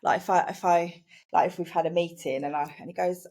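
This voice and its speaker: A woman's voice: lowish voice, fairly even intonation, a little fast, darkish tone. A woman, co-hosting a casual chat podcast and speaking frankly and chattily. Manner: chatty, frank, acts out quoted people. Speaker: podcast co-host.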